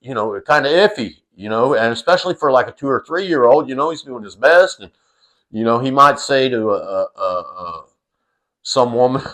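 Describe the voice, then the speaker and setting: A middle-aged man with a mid-range, somewhat bright voice shares a funny story about his family in a casual, meandering way. Fillers and restarts crowd his speech, along with the odd salty curse.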